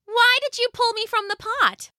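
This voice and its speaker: A woman voicing a cheerful, calm middle-aged farmer wife with a sweet, matter-of-fact manner, in a storybook tale. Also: extremely high pitch, moderate pace, no room sound, studio quality, voice pushed up. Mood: puzzled.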